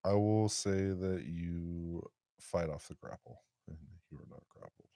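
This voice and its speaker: A man with a low voice runs a tabletop game, patiently explaining the rules step by step. His voice sounds close and dry, with no room around it. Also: a little slow, warm tone, no echo. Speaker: dungeon master. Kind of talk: running a tabletop game over voice chat.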